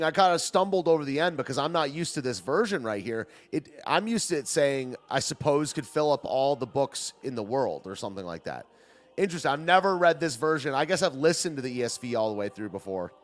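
Man reading scripture with a lively lilt. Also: medium pitch, fairly quick. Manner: plain, unpolished reading with stumbles and restarts. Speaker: scripture reader.

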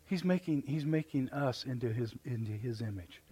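A middle-aged man with a Midwestern American accent preaching a live sermon in church, animated and joking, often repeating his words. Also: medium pitch, moderate pace, husky. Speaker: pastor. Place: church sanctuary.

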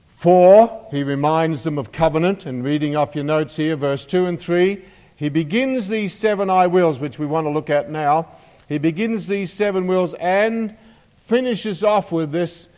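A man's voice: fairly high pitch, darkish tone. Emphatic male preacher in a hall. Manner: emphatic, stressing repeated phrases. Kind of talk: Bible teaching sermon. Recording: reverberant hall.

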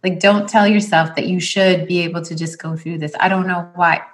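A woman's voice: lowish voice, fairly even intonation, fairly quick. A woman hosting a casual conversation, encouraging and direct as she gives advice.

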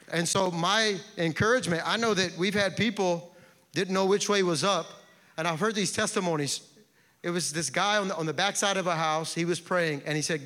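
Speaking at a moderate pace, a male pastor preaches passionately in a high, bright voice, building momentum with repeated refrains. The large church sanctuary gives the sound a long, ringing reverb.

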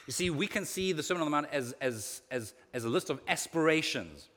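A man preaching a sermon as a pastor, lively and animated, getting loud and quiet by turns. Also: a little high, brisk. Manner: lively, animated preaching with sudden swings in loudness. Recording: long echo of a hall.

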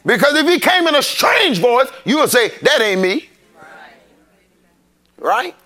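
High, bright-voiced preacher in full flow. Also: male voice, very animated, a little slow. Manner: preachy, call-and-response, rising to shouts. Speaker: pastor. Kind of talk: sermon. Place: church sanctuary.

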